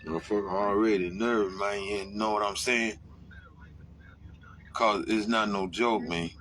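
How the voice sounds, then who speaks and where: A truck driver rants casually to camera, profane and animated, breaking into sudden yelled outbursts. His voice is on the low side and a little slow, with slight background noise.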